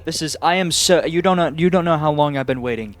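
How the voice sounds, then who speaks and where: A man hosting a casual horror movie review, excitable and jokey with sarcastic asides. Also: fairly high pitch, quick pace, faint music behind.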